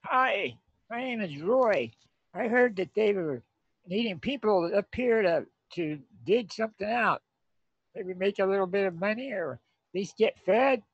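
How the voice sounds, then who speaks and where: A player putting on a cold, polite young lad looking for work, his voice lifted a touch higher than usual. It sounds dull and lo-fi, dry and close. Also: expressive, a little slow, slightly rough, no room sound, heavily acted. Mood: polite, chilled. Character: young London-born boy laborer, cold and polite. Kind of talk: tabletop role-play voicing. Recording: dull lo-fi mic.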